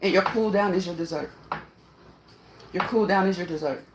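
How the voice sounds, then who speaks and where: The speaker is a female fitness vlogger with a lowish voice, talking at normal speed as she works out on an indoor machine. She's a little winded, laughs frequently, repeats herself and encourages her audience, and the sound is roomy with background noise.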